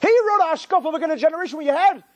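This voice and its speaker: A man with a high-pitched voice delivers a sermon-style talk as a rabbi. He drives points home through repetition and builds urgency line by line. His delivery is that of an animated storyteller. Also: very fast.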